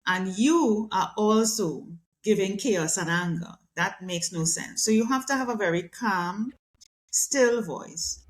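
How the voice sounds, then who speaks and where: A middle-aged woman speaking as a guest communication specialist in a conversational interview, animated and acting out quoted voices. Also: medium pitch, takes it slowly.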